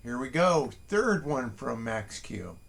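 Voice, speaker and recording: A man reads listeners' haiku aloud at an unhurried, deliberate pace, with wry, chatty asides between the poems. His pitch moves widely up and down, rising high and dropping low. He talks from his desk at home during a relaxed morning livestream. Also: creaky. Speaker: host reading listeners' haiku. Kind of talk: casual morning livestream chat.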